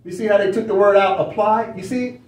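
A high-voiced man lecturing as he reads from a screen. He presses his points with repeated phrases and rhetorical questions. He sounds a little off mic in an echoey room. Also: fairly even intonation, fairly quick, far from the mic. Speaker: study session teacher. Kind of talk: lecturing while reading from a screen.

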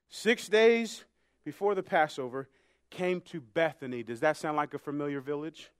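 A male pastor preaching a sermon, swinging from hushed, near-whispered passages to loud shouted climaxes. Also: a little high, animated, a little slow, clean tone, no room sound, studio quality. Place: church sanctuary.

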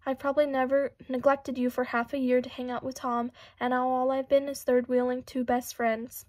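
A woman's voice: sits high, flat delivery, moderate pace, darkish tone, no room sound, studio quality, close to an everyday voice. A woman voicing a heartbroken, dramatic teenage girl with a tearful, melodramatic manner. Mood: mopey.

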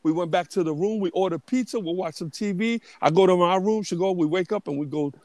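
A man in his fifties telling stories as a podcast guest, animated and restarting often. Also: sits high, quick pace, no echo. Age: 50s. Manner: animated, restarts often, acts out quoted voices. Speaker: interview guest, booking agent. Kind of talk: casual storytelling.

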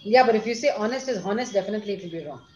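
A woman's voice: mid-range voice, animated, rapid-fire, a little mellow, soft background music. A middle-aged woman with an Indian English accent, a school principal answering questions in an online seminar, stressing points by repeating them. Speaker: school principal giving a talk. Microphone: video call. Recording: echoey, dull video-call audio.

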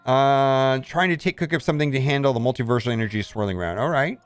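A man's voice: medium pitch, quick pace, clean tone, no room sound, soft background music. A man casually commenting on a mobile game as he plays, thinking aloud and often saying "all right".

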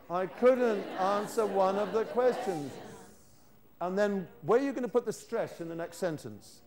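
A man's voice: high-pitched, normal speed, a crowd in the background. A British man leading a live workshop, playfully coaxing the audience to repeat lines after him. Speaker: teacher trainer leading a workshop. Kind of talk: live classroom demonstration. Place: lecture hall with an audience.

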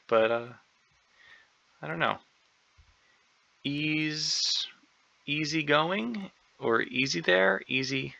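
A man with a sharp, gravelly voice thinks aloud through a crossword puzzle. He talks in hesitant, half-sure bursts, stacking ums and second guesses. The recording is dull and lo-fi. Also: mid-range voice, slow, long pauses, no room sound. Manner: hesitant, unsure, many ums and self-doubts. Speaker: crossword solver.

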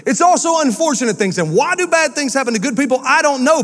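Pastor, male, high voice, lively storytelling sermon delivery, church hall with long reverb. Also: fast. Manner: energetic storytelling preacher. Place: church sanctuary.

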